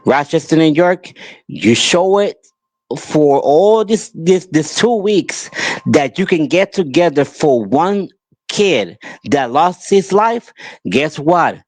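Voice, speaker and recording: A man's voice: a little high, animated, slow pace, a little mellow, dry recording. A man hosting a podcast, delivering an angry, emphatic monologue that pleads with listeners and repeats itself. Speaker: podcast host. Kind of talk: impassioned monologue.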